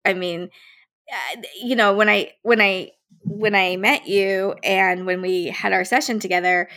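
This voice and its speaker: A woman hosting a casual interview, telling a story in a lively way, swearing freely and quoting herself. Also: mid-range voice, unhurried. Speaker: podcast host.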